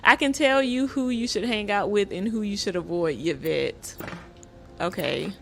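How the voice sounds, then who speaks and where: A woman's voice: medium pitch, a little slow, gravelly, a bit bright, slight background noise. A woman streaming a game, reading in-game letters aloud with gasping reactions. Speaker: gaming streamer. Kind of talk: casual gameplay commentary.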